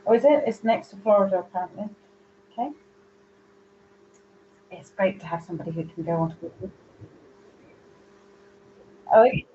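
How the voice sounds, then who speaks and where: A woman's voice: medium pitch, normal speed, pauses often, mellow, muffled recording, slight background noise. A woman giving live psychic readings, chatty and rambling as she searches for words. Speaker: psychic medium.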